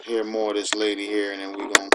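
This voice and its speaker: A man giving an informal sermon, emphatic and conversational, who keeps asking his listeners "all right?" and slows down to read scripture. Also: on the low side, monotone, very noisy. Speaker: preacher.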